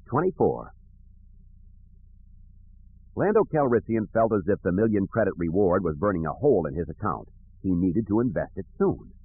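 A man with a low, husky voice narrates an audiobook in a steady, even way. The recording is thin and tinny, like a phone line. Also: moderate pace, long pauses, no room sound. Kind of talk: scripted narration.

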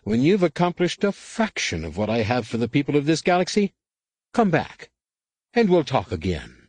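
A man's voice: medium pitch, wildly swooping pitch, normal speed, a little mellow, slightly rough, no room sound, pitched above the performer's own voice. A man voicing a scheming male alien politician who speaks in a condescending, clipped and threatening way. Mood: smug, cold.

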